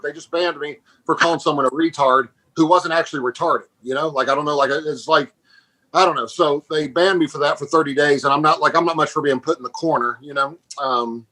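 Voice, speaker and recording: Man, podcast co-host, quick speech, husky voice, blunt storyteller. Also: a little high, bright, forceful tone, rough recording. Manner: fast storytelling, blunt, laughs at his own stories. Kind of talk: casual podcast chat.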